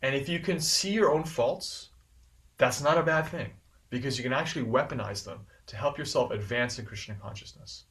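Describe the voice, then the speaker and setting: A man giving a devotional scripture class in an earnest, animated way, repeating phrases for emphasis. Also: medium pitch, normal speed, distant mic.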